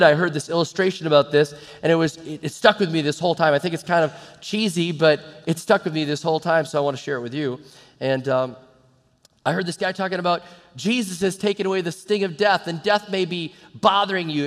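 A man preaching a sermon as pastor, earnest and conversational, with emphatic rises in his voice. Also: on the high side. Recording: long hall reverb.

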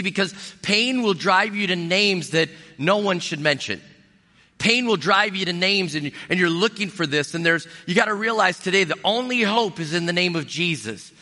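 Earnest pastor preaching in a reverberant hall. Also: male voice, high-pitched, sharp tone. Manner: earnest, pleading, repeats key phrases. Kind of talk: sermon.

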